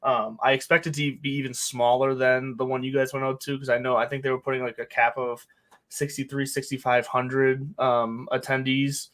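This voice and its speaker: A man's voice: medium pitch, flat delivery, moderate pace, fairly bright tone. A man from New England co-hosting a sports podcast in casual chat, rambling with many restarts and fillers. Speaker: podcast co-host.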